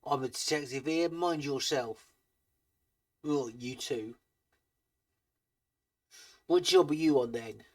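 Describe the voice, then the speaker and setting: Casting: brusque half-orc cop, big and gruff, played by a game master, distant from the mic. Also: male voice, medium pitch, takes it slowly, pauses often, a little mellow, no room sound, studio quality. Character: gruff large male half-orc detective.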